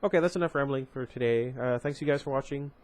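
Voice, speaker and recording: A man's voice: medium pitch, fast. A man reading a novel aloud as a vlogger, chatty, often stumbling over words and correcting himself. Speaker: audiobook reader and vlogger.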